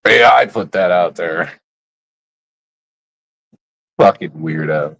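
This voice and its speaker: A man's voice: sits low, slow, vocal fry, pauses often, fairly bright tone, low-quality recording. A man streaming live, ranting bluntly about other creators in casual, profane slang. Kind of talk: casual livestream rant.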